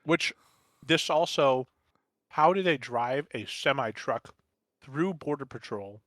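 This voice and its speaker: A man's voice: mid-range voice, lively intonation, takes it slowly, a bit bright, dry recording, studio quality. Emphatic, incredulous man on a podcast. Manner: emphatic, incredulous, sarcastic asides. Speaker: podcast co-host. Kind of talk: casual chat.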